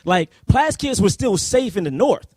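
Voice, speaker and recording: A man co-hosting a live podcast discussion of a film, talking in an animated, rambling way with many fillers and laughs. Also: sits high, normal speed, dry recording. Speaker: podcast co-host. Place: live event at a university.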